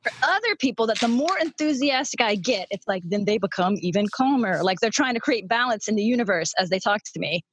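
An enthusiastic woman co-hosting a podcast, talking in an excitable, chatty way. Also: mid-range voice, a little fast, slightly rough. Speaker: podcast co-host. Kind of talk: casual chat.

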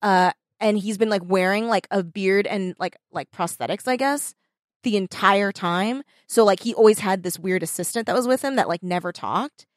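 A woman in casual chat, recapping a movie with animated storytelling, lots of fillers and casual swearing. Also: mid-range voice, moderate pace, no echo.

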